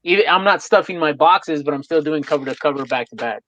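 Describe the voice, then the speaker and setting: A man's voice: on the high side, quick pace, a bit bright, dry recording. A man in a casual chat, hesitant and searching for words as he explains.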